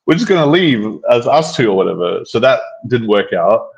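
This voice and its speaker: A man's voice: medium pitch, very animated, normal speed, creaky, muffled recording. Rambling man in casual chat. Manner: rambling, frequent restarts and fillers. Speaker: host.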